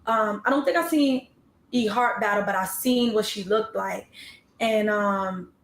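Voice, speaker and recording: A woman's voice: mid-range voice, a little slow, echoey room. A woman battle rapper telling her story in a casual interview, laid-back and slangy with lots of fillers.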